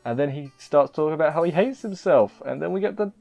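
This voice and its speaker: A man's voice: fairly high pitch, expressive, quick pace, vocal fry, dark tone, faint music behind. A man reviewing an anime episode in casual chat, rambling and emotional, often cutting himself off mid-sentence. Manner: emotional, rambling, self-interrupting.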